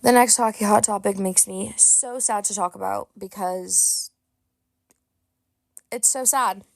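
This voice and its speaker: A young woman from the Boston area hosts her own podcast, speaking into a close mic in a dry, deadened space. She rambles chattily with fillers and restarts, sharing blunt, unfiltered opinions in a steady, unhurried, creaky voice at a middle pitch.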